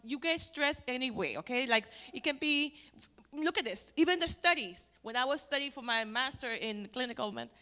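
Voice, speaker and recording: A middle-aged woman giving a personal testimony at a church family event. She swings between loud exclamations and near-whispers. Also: high voice, animated, moderate pace. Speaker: church family-life speaker.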